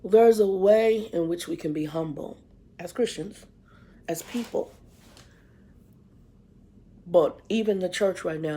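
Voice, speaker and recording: A woman hosting a ministry livestream, talking and preaching in a relaxed, conversational way, often acting out the voices of people she quotes. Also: on the low side. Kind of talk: casual spiritual talk. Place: in a car.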